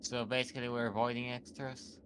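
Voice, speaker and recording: A man in casual voice chat while gaming, easygoing and prone to trailing off quietly. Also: medium pitch, little pitch movement, brisk, noisy background. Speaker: game player.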